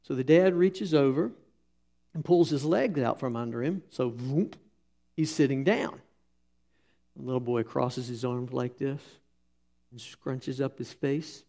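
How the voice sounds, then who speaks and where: Middle-aged male preacher, raspy gravelly tone, relaxed folksy anecdotes. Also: mid-range voice, a little slow, long pauses. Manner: folksy storytelling, many fillers and restarts. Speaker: pastor. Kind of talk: sermon with anecdotes.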